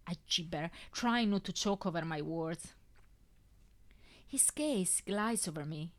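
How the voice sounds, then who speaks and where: A woman reading a fanfiction story aloud in the first person, with a measured, emotional delivery. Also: lowish voice. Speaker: fanfiction reader.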